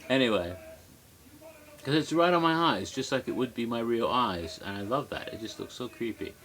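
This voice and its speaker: A tipsy man talks into his webcam in a loose, rambling monologue. He is giggly and keeps wandering off topic. His voice sits at an ordinary middle pitch. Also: expressive, moderate pace, fairly bright tone. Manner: rambling, giggly, easily sidetracked. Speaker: vlogger. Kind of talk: rambling casual monologue to camera.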